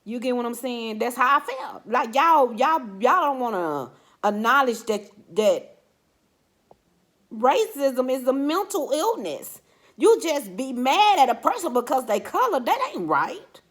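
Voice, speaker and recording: A woman's voice: sits high, unhurried. A woman vlogger telling a personal story in casual, emphatic talk, addressing her listeners directly. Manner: emphatic, animated, talks straight to listeners.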